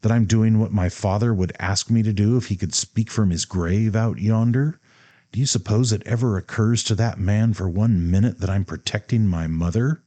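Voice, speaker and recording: A proud, bitter young man with a cold, clipped edge, cutting in sharply and pressing his point, as a man reads him. The voice sits low and mellow. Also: moderate pace, close to an everyday voice.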